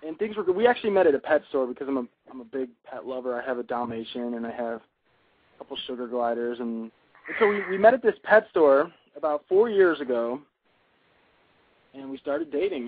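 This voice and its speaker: Husky young man on a phone line. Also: medium pitch, no room sound. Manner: offhand, matter-of-fact about dark details. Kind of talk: casual rambling storytelling. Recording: tinny dry phone line.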